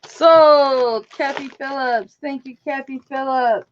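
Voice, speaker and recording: A woman's voice: high-pitched, fairly even intonation, slow, muffled recording, noisy background. A woman hosting a live online jewelry auction, chatting casually and calling out bidders by name as she counts down the bids. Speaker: auction host.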